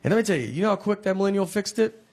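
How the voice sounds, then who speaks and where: A man in his forties doing stand-up comedy in a slow, deadpan storytelling way. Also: high voice. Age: 40s. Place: live stage with audience laughing. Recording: live show with crowd laughter and noise.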